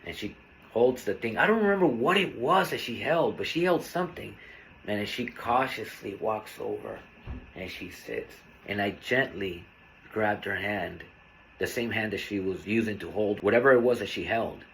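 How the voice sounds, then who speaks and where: A man hosting a podcast, telling a personal story in a candid, earnest, unhurried way. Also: fairly low pitch, gravelly, fairly bright tone, a little hiss or hum. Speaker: podcast host.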